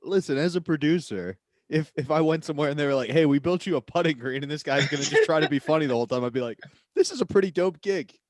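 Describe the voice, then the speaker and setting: A man riffing comedic theories on a podcast, animated and joking. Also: fairly high pitch, fast talker, dry recording, studio quality. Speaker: guest comedian. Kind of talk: comedic banter.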